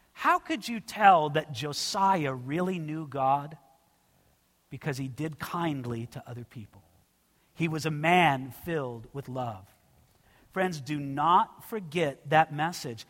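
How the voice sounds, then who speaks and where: A man's voice: fairly high pitch, a bit bright. A man preaching an expository sermon in a church, earnest and direct, often calling his listeners friends. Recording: long reverb of a large hall.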